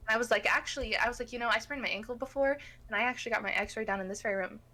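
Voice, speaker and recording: A young woman co-hosting a casual chat show, telling an animated story, swearing a lot and acting out the people in it. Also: on the high side, very fast. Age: young adult. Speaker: podcast co-host.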